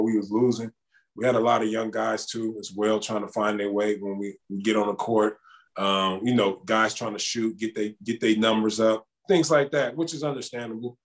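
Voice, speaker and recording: A man's voice: lowish voice, normal speed. A man in his thirties, a former basketball player, telling stories in a casual interview and acting out the dialogue as he goes. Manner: animated storyteller acting out dialogue.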